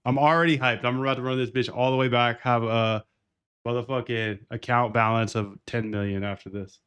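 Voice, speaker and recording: A young man ranting casually on a livestream, excitable and profane, often calling listeners bro and dude. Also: medium pitch, fairly quick, clean tone. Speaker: trading streamer.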